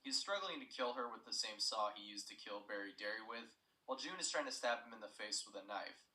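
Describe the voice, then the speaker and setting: A man's voice: lowish voice, expressive, brisk, sharp tone, echoey room, far from the mic, low-quality recording. A young man retelling a story in scripted narration, plain and matter-of-fact with asides.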